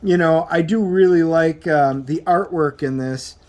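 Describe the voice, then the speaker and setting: A man giving a casual comic book review as he flips through the pages, rambling and halting with plenty of filler words. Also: on the high side, a little mellow. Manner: rambling, halting, full of um and you know.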